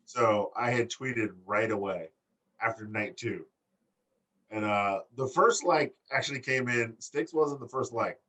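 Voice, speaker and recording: A man's voice: mid-range voice, a little slow, sharp tone, recorded from a distance. A man co-hosting a wrestling podcast, talking crudely and jokingly, often repeating himself. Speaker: podcast co-host. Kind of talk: casual chat.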